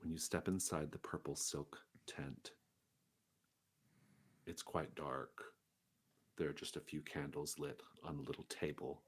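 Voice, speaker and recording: Deep-voiced male game master. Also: steady tone, a little slow, long pauses, husky. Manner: descriptive, with fillers and restarts. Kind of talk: narrating a tabletop game.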